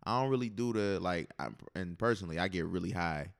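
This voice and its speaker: A man's voice: low voice, brisk, vocal fry. A young man hosting a casual podcast, talking in a loose, slangy, profane way. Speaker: podcast host.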